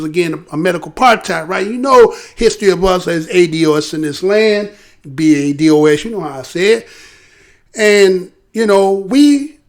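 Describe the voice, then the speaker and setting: A man hosting a live-streamed news commentary show, loose and animated, often acting out quotes in a mocking voice. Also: sits high, vocal fry.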